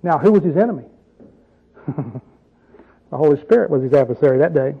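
On tinny audio, this man's voice sits a little high and sounds creaky, husky and narrow, with an expressive delivery at a slightly quick pace. His Bible teaching is casual and chatty, full of questions for the audience and homespun anecdotes.

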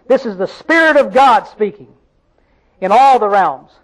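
Southern hillbilly preacher guy, real high voice, folksy and punchy, keeps asking the crowd stuff. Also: expressive, unhurried, fairly bright tone, rough recording. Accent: Southern American. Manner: folksy, emphatic, calls out to the congregation. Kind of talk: sermon.

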